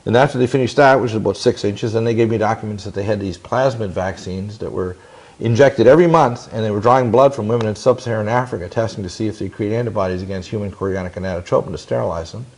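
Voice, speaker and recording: Man in his 60s, low voice, intense and rambling, interview storytelling, many restarts. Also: quick pace, darkish tone. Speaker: interview guest. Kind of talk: long-winded interview storytelling.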